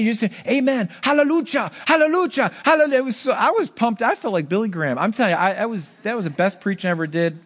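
A middle-aged male pastor delivers a sermon with a fairly high voice. He speaks in an animated, emphatic way and drops in joking asides.

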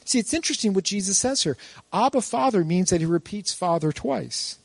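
A man's fairly high voice carries a pastor's sermon, recorded dry and close. He preaches animatedly, tossing rhetorical questions to the congregation and slipping in playful jokes. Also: lively intonation, a little fast, gravelly, no room sound.

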